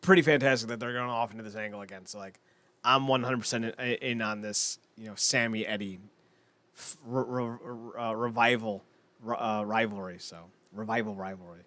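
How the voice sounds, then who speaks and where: A young man co-hosting a podcast, chatting casually and excitably, rambling with lots of fillers and frequent laughs. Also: medium pitch, fairly quick. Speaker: podcast co-host. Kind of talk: casual wrestling chat.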